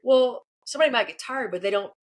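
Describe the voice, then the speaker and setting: Woman coach, quick delivery, lively storyteller who voices the people she quotes. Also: a little high. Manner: animated, acts out quoted people. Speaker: guest, leadership coach. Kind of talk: casual interview answers, storytelling.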